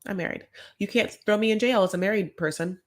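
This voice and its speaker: A woman doing a loud, demanding impression of a brash, furious middle-aged woman. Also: medium pitch, fast talker, lightly acted. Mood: defiant.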